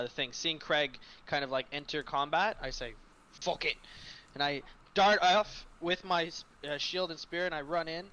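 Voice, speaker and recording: Bright-voiced, halting man. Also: medium pitch, a little hiss or hum. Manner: halting, full of fillers and restarts. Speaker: player. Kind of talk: casual game chat.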